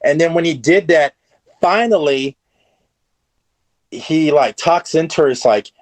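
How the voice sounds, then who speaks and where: A man guest on a podcast, recapping a show excitedly with lots of fillers. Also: on the high side, unhurried, pauses often, no echo. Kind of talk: casual chat.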